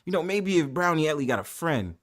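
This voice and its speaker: A man's voice: on the high side, very animated, a bit bright. Playful New York man bantering. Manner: playful, teasing, quick to laugh. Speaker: live stream host. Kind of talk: casual live-stream banter.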